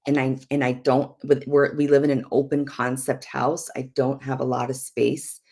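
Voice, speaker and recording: A woman's voice: very deep voice, normal speed. A middle-aged woman minister teaching through a personal story, acting out the quotes with frequent laughter. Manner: lively storyteller, acts out quotes, laughs often.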